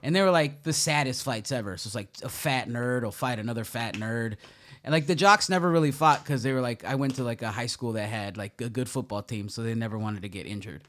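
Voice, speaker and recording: A man's voice: medium pitch, a little fast, fairly bright tone. A man co-hosting a comedy crime podcast, reading news items and joking, laughing often between rambling asides. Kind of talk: casual podcast banter.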